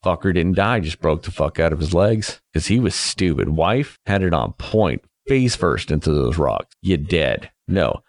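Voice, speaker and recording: A man's voice: low-pitched, sing-song, a little slow, hardly any pauses. A young man recapping a movie in a casual, rambling way, sarcastic and swearing a lot, slipping into mocking voices for the people he describes. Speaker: movie reviewer.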